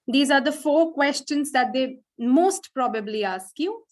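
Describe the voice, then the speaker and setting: High-voiced woman teaching. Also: lively intonation, measured pace, hardly any pauses, darkish tone. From India. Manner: patient, explanatory, frequently checks in with "right?". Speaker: English teacher. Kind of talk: IELTS speaking lesson.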